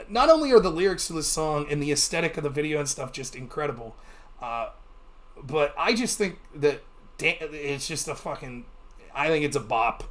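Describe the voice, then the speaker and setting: A male livestream host talks in a loose, swearing rant, his pitch swooping up and down as he gets worked up. The delivery stays casual and unscripted, like a streamer talking straight to his chat. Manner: animated, profane ranting.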